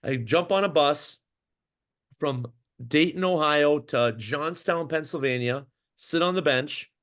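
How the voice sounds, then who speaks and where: A man in casual interview talk, telling a rambling career story with many restarts and "um"s. His voice sits a little high for a man, and he tumbles from one point to the next in an animated way. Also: takes it slowly. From Minnesota. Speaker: podcast guest, former pro goalie.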